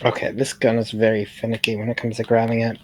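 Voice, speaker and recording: A man learning a game's controls over voice chat, asking quick puzzled questions. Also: mid-range voice, monotone, a little mellow. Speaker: trainee player. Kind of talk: casual voice chat during a game.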